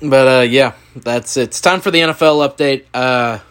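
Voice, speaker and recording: A young man co-hosting a sports podcast, telling stories in a joking, animated way. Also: mid-range voice, moderate pace, smooth. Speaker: co-host. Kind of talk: casual sports podcast chat.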